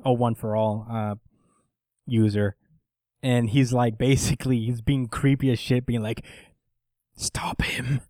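Animated man recapping manga with a buddy. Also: mid-range voice, dry recording. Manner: animated, swearing, acts out characters' lines. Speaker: podcast co-host recapping manga. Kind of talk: casual chat.

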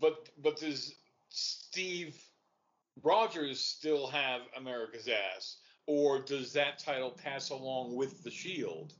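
A man's voice: mid-range voice, takes it slowly, fairly bright tone. A man joining a casual movie chat, joking dryly and stumbling over his restarts. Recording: dull lo-fi recording with faint hiss.

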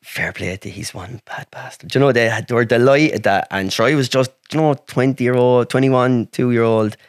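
An Irish man with a medium-pitched, clear and resonant voice speaks at a moderate pace with fairly even intonation. He's a podcast guest casually telling a rambling story, swearing heavily and saying "like" constantly. The studio recording is clean with no echo.

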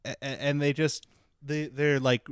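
A man's voice: fairly high pitch, level tone, measured pace, smooth, no room sound, studio quality. A young man and podcast host telling a rambling, self-deprecating anecdote in casual comedic chat.

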